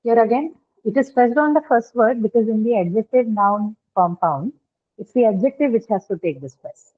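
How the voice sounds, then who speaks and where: A woman's voice: fairly high pitch, animated, normal speed. A woman teaching an online phonetics lesson, asking frequent check questions and using many fillers. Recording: tinny phone-like call audio.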